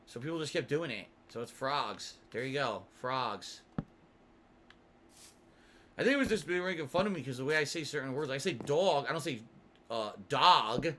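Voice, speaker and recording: Rambling, animated male streamer. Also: mid-range voice, normal speed, slight background noise. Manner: rambling, musing aloud, frequent swearing. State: yawny, sleepy. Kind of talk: casual livestream chat while gaming.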